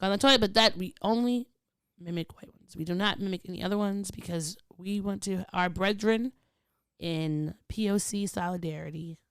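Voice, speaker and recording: A young adult woman co-hosting a podcast in casual, candid chat, animated and swearing freely. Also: medium pitch, moderate pace, smooth, no echo, clean studio sound. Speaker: podcast co-host.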